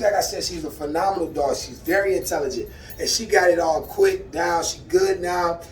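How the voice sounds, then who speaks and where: A man who trains dogs, vlogging as he works with his puppy, talking straight to viewers and swinging from calm explaining to loud excited bursts. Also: high voice, normal speed, roomy sound, distant mic, soft background music. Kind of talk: excited casual vlog while training a dog. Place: outdoors in a dog enclosure.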